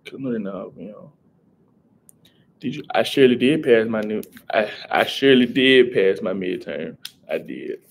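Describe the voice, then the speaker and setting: A man's voice: on the low side, animated, normal speed, gravelly, a little hiss or hum. A young man, rambling casually on a live stream and greeting viewers in chat. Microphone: headset.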